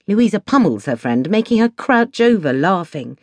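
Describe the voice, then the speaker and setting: A woman with an English accent narrating an audiobook in a measured, expressive way. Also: mid-range voice, no room sound, clean studio sound. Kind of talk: scripted narration.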